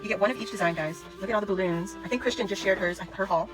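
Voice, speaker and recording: A woman's voice: medium pitch, poor audio. Gushing woman unboxing a craft haul. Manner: gushing, squealing with delight, rapid asides. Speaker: scrapbooking vlogger. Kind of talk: excited haul video chat. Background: background music.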